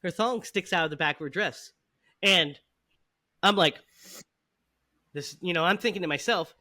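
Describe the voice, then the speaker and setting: A man's voice: high-pitched, moderate pace, pauses often, bright, forceful tone. A man hosting a podcast, telling a story in casual chat with frequent laughs. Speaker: podcast host.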